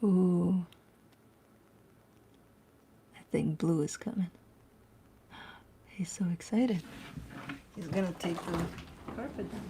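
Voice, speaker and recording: A woman's voice: fairly low pitch, measured pace, pauses often, very noisy. A woman hosting a tarot channel, chatting casually at home, swearing freely and cooing at her dog. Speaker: tarot reader and channel host. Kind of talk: casual chat to camera.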